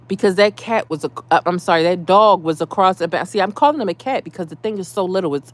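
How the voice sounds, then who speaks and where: A woman ranting in a casual vlog, heated and profane, dropping to low mutters and rising to loud outbursts. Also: fast, hardly any pauses. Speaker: vlogger.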